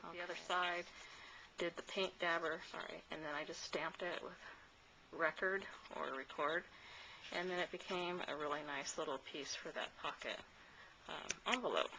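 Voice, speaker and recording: Bright-voiced woman demoing crafts. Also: fairly low pitch, slight background noise, low-quality recording. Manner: chatty, relaxed, with many fillers and pauses. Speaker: crafter demonstrating a mini album. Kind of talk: casual craft tutorial.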